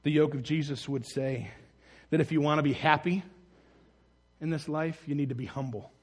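Male pastor, higher voice, lively sermon delivery that acts out the scenes and swings between loud and hushed. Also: normal speed. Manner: animated, acts out the story in voices, rises loud then drops soft.

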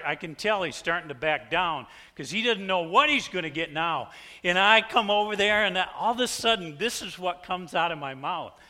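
Animated high-voiced man preaching. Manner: animated, swings from hushed to shouting. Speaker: pastor. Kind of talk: sermon storytelling.

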